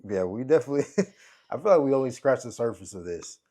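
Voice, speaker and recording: A man's voice: mid-range voice, animated, fast, dark tone. A man hosting a podcast who mostly reacts with short interjections and questions. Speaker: podcast host. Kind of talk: casual interview chat.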